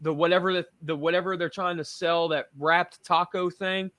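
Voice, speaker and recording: A man's voice: high voice, fairly even intonation, normal speed, pushed and bright, no echo. A man hosting a casual panel chat, talking in emphatic, rambling rants. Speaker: podcast host.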